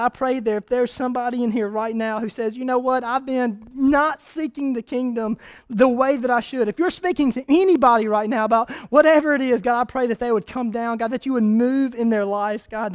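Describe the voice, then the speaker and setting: A man preaching a sermon to his church, swinging from loud shouted peaks to a soft, quiet prayer. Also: very high-pitched, clear, resonant tone, no room sound. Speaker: pastor. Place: church sanctuary.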